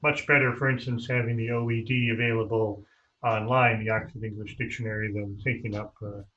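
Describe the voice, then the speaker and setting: A man hosting an interview, asking questions in a halting, thinking-aloud way with frequent restarts. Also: on the low side, little pitch movement, pushed and bright, lo-fi sound. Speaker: podcast host. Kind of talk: interview conversation.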